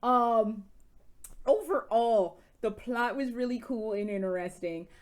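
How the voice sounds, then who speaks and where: Woman game vlogger, a bit high-pitched, excitable and swearing, laughs through her stories. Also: takes it slowly. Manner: animated, profane, laughing storyteller. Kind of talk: casual game review chat.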